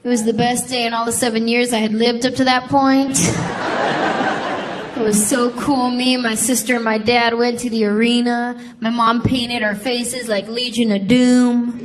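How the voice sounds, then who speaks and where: A woman's voice: on the high side, flat delivery, normal speed. A woman doing a stand-up comedy routine on stage, telling stories and acting out childhood voices. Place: comedy stage before a live audience. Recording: live show with crowd and noise.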